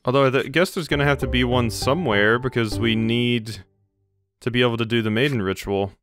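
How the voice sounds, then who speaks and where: A man's voice: mid-range voice, a little fast. Musing man commentating a game. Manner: musing, reads game text aloud. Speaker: let's play host. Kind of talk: casual gameplay commentary. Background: game music.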